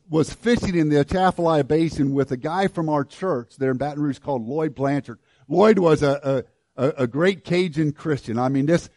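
A man preaching a sermon and telling a story, often restarting his words and swinging between loud and hushed delivery. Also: fairly high pitch, no room sound. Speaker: pastor.

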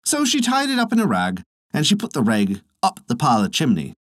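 A man narrating a folktale in a measured, expressive storytelling manner. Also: on the high side, no echo, studio quality.

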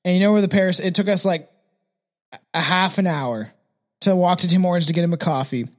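A man's voice: high voice, a little fast. A young man co-hosting a podcast in casual chat, rambling and swearing as he talks. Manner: rambling, profane, laughs often. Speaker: podcast co-host.

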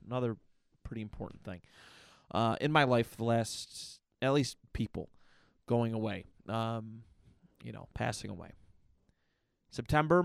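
Gravelly man musing on a podcast. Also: mid-range voice, no echo, studio quality. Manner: rambling, with frequent restarts and fillers; candid and reflective. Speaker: podcast host. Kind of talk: casual personal monologue.

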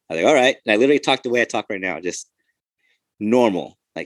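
A man's voice: fairly low pitch, expressive, fast talker, no echo. A man, a police officer and podcast host, telling loose, profane stories in casual chat.

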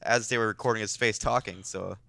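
Male co-host, bright and crisp, dry sound, playful and giggly. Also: fairly low pitch, steady tone, fairly quick, no echo. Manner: giggly, jokey. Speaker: podcast co-host. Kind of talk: casual chat.

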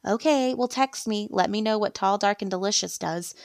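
A woman's voice: medium pitch, normal speed, gravelly, no room sound, clean studio sound, natural voice. Woman doing a gushing young best friend. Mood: excited.

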